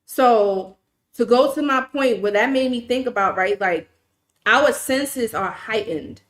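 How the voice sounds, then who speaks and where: A woman with a New York accent hosts a casual livestream, swearing freely and stressing her words as she tells a story. Her voice sits a little high for a woman, and she keeps turning aside to answer her chat. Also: unhurried. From New York City. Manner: animated, profane, emphatic, talks to chat. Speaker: livestream host.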